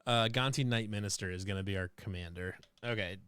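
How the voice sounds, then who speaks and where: A man's voice: lowish voice, brisk, a bit bright, slight background noise. A man co-hosting a casual streamed chat, rambling and giggling, often repeating himself. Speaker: co-host.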